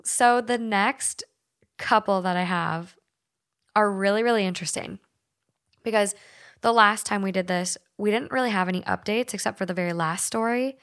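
A woman's voice: medium pitch, moderate pace, fairly bright tone. A young woman from Minnesota hosting a podcast, chatting casually, swearing freely and using lots of filler words. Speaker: podcast host. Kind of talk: casual chat, reading stories aloud.

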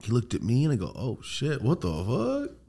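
A man hosting a podcast, telling a rambling, profane story in casual chat and getting animated as it builds. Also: mid-range voice, moderate pace, vocal fry, slightly rough. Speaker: podcast host.

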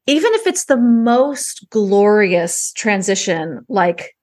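A woman hosting a podcast in casual chat, conversational and quick to chime in with agreement. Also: mid-range voice, sing-song, a little mellow. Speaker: podcast host.

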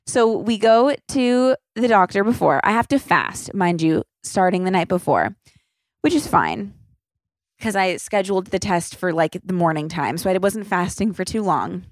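A woman's voice: mid-range voice, expressive, normal speed, no echo, studio quality. A woman around thirty hosting a casual solo podcast, rambling and chatty with lots of filler words and casual swearing. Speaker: podcast host.

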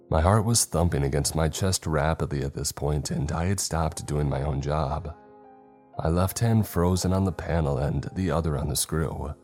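A man narrating a first-person horror story in a tense, measured way. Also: very deep voice, a little mellow, faint music behind.

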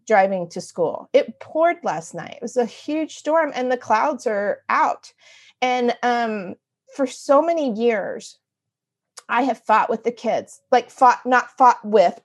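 A middle-aged woman appearing as a guest author tells a story in conversation, voicing her own remarks expressively. Her pitch is fairly high.

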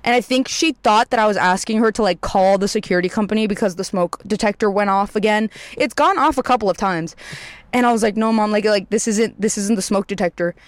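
Young adult with a smooth, dry voice, rambling. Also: medium pitch, fairly quick, dry recording. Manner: rambling, heavy filler words and swearing, animated retelling. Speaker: storyteller. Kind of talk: casual storytime vlog.

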